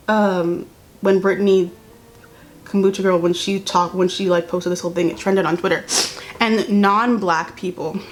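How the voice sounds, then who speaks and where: Casting note: young woman vlogger, blunt and sarcastic, exasperated commentary, mid pitch. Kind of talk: casual commentary vlog while doing makeup.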